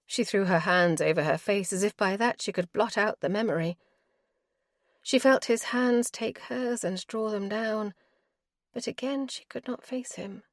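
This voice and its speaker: A woman narrating an audiobook in a measured, even reading style. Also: mid-range voice, dry recording, clean studio sound. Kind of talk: scripted narration.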